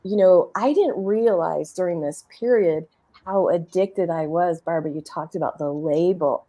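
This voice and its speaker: A middle-aged woman on a podcast panel, candidly telling a personal story in a lively, conversational way, acting out her own inner dialogue. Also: lowish voice, moderate pace. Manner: animated and conversational, with frequent restarts, laughs and quoted inner dialogue.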